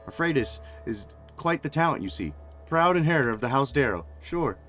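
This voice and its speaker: A man's voice: medium pitch, animated, a little fast, a bit bright, soft background music, pitched above the performer's own voice, natural voice. A man voicing a smug wealthy lord. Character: pompous wealthy middle-aged lord, smug father.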